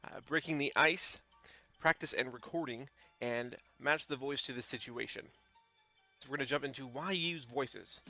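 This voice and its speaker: A man's voice: mid-range voice, sharp tone. A man giving a casual, loosely rambling tutorial with lots of "uh" and "um" fillers. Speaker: tabletop game YouTuber.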